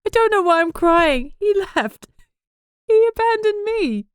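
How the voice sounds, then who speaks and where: A woman's voice: very animated, normal speed, darkish tone, no echo, clean studio sound, natural voice. Woman doing a proud, strained young woman. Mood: sobbing. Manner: strained, high, emotional delivery. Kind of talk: audiobook character voice.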